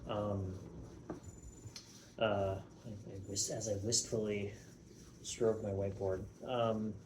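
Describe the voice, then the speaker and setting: A very tired young man rambles through a casual vlog, swearing freely and poking fun at himself. His voice sits a little low, and there is clear room noise under it. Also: level tone, takes it slowly. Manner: tired, self-mocking and profane, with many restarts. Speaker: vlogger.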